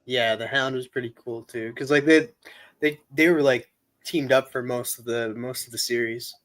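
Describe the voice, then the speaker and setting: A man's voice: medium pitch, fairly even intonation, normal speed, fairly bright tone, rough recording. A man chatting easily on a stream, with lots of fillers. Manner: easygoing, filler-heavy. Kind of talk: casual stream chat.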